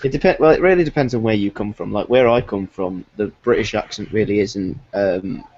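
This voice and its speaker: Husky gravelly man in casual chat. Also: fairly low pitch, fairly quick, a little mellow, muffled recording. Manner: laughs often, interrupts with "hang on".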